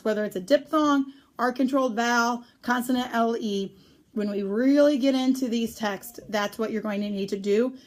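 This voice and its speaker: A woman teaching a phonics lesson on syllable types, speaking clearly and drawing out the example words slowly. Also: fairly high pitch.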